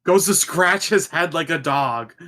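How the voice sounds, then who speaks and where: Animated playful man at the table. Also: fairly high pitch, a little slow. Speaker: player. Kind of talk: casual tabletop play.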